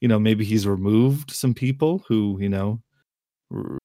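A man's voice: fairly low pitch, unhurried, warm tone, no echo, clean studio sound. A man chatting casually as podcast host, laughing often and restarting his sentences. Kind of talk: casual chat.

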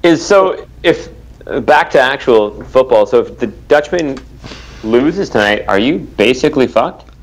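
A man's voice: medium pitch, animated, unhurried. A man co-hosting a podcast in casual chat, rambling with many fillers. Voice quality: rambling filler-heavy delivery. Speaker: podcast co-host.

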